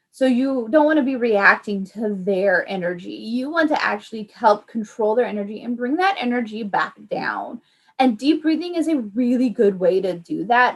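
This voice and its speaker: A young woman, an early childhood paraprofessional, talking parents through calming techniques in a friendly, chatty way with lots of "um"s. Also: on the high side. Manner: friendly, chatty, many fillers. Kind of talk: informal parent education talk.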